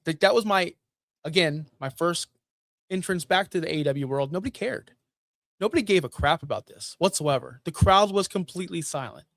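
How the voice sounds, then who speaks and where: A man's voice: sits high, fairly bright tone, no room sound, studio quality. A man hosting a wrestling recap stream in a casual, ranting style. He repeats his points and fires off rhetorical questions. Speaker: wrestling show recap host.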